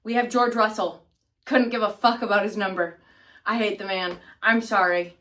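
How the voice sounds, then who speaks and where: A woman vlogger talking straight to camera in a loose, rambling way, full of asides and restarts. Her voice sits at a middle pitch, and she keeps laughing off her own confusion. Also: steady tone, moderate pace, fairly bright tone. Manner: scattered and self-deprecating, many fillers and restarts. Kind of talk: rambling casual chat to camera.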